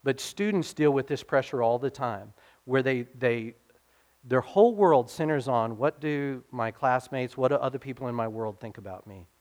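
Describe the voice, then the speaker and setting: A man's voice: mid-range voice, normal speed, darkish tone. A middle-aged man preaching a sermon as pastor, in an earnest, conversational way, often checking in with his listeners.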